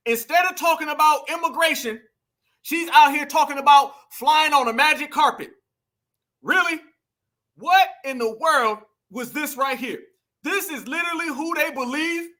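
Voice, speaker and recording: An animated commentary host reacts to clips and talks straight to the audience. The voice is high and bright. The delivery jumps between quick asides and loud exclamations. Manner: animated, exclamatory, addresses viewers as family and y'all. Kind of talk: heated commentary vlog.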